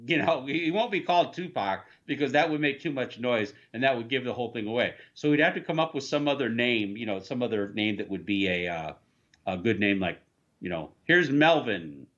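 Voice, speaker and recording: Bright, joking male livestream host. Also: mid-range voice, fairly quick, highs cut off. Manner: rambling, jokey, reads viewer comments aloud. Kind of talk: casual livestream chat.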